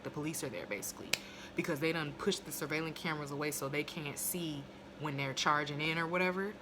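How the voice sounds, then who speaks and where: A woman's voice: sits low, sharp tone, a little hiss or hum. A young woman recapping a TV episode in a casual, profane, blunt way, laughing as she goes, recorded on a phone at home. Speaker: TV episode reviewer.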